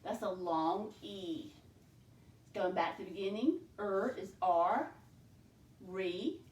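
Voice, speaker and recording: A woman's voice: medium pitch, reverberant. Woman teaching phonics to small kids. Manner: slow, clear teacher talk, sounding out syllables. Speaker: second grade teacher. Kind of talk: remote phonics lesson.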